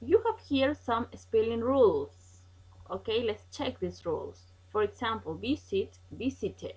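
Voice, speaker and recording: A woman's voice: a little high, lively intonation, unhurried, darkish tone, breathy edge, poor audio. A woman teaching an English grammar lesson online, patient and repetitive, checking in with "okay?" often.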